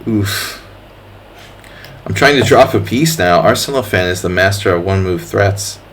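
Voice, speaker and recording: A man's voice: fairly low pitch, measured pace, fairly bright tone, a little hiss or hum. A man commentating his own online chess games to viewers in a jokey, casual way, teasing opponents with playful asides. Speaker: chess streamer. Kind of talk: casual commentary while playing.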